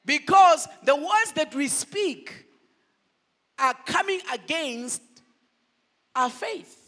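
A man's voice: very high-pitched, slow pace. A male pastor preaching a sermon, firing call-and-response questions at the congregation. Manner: animated, shifts between loud declaring and quiet asides.

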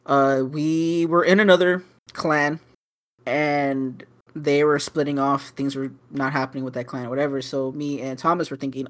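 A man's voice: mid-range voice, fairly even intonation, normal speed, fairly bright tone. A young man co-hosting a casual podcast, rambling with lots of fillers, restarts and swearing. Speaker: podcast co-host. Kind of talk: casual chat.

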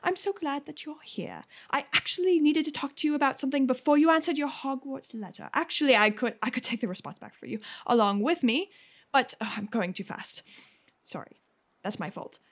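A woman plays a kindly witch counselor in a tabletop fantasy game, pitched a little high. She gushes and rushes her words, then catches herself with an apology. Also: fairly bright tone. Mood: gushing. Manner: gushing, talks fast then apologizes. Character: warm, chatty female school counselor witch.

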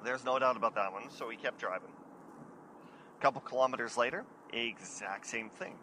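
A chatty man hosts his own show and spins a casual yarn about his own misadventures. His voice is bright and forward, and a faint hiss sits under it. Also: medium pitch, normal speed, low-quality recording. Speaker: podcast host. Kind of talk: casual storytelling.

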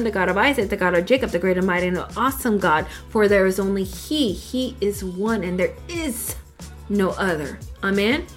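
A woman's voice: medium pitch, lively intonation, moderate pace, faint music behind. A woman from El Paso, Texas, teaching a Torah portion in an emphatic, preachy way, often asking rhetorical questions. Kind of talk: emphatic religious lesson.

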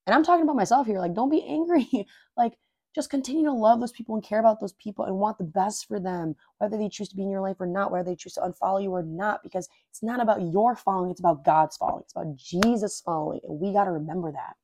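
Earnest, mellow-voiced woman podcaster. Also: medium pitch, rapid-fire, hardly any pauses, no echo, clean studio sound. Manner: earnest and informal, says "dude" and "like"; reads scripture aloud and repeats verses. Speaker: podcast host. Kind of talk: casual devotional podcast with Bible reading.

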